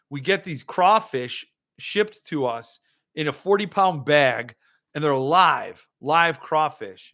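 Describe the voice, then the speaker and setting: A man hosting a casual monologue, rambling and animated with excitable outbursts. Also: a little high. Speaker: host.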